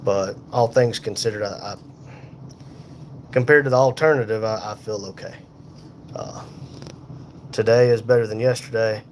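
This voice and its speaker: A man in pain and tired, hosting a casual livestream from a hospital room on a phone, reading viewer comments aloud in an unhurried, folksy way. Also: fairly low pitch, a little hiss or hum. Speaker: livestream host reading chat. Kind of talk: casual live chat.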